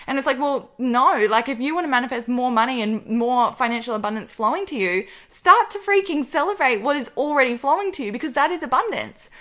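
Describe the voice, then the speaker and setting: A young woman talks straight to her listeners in a relaxed motivational podcast, bubbly and upbeat. Her voice sits a little high for a woman. She keeps it friendly and chatty, like talking to a close friend. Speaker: podcast host. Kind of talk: casual motivational podcast monologue.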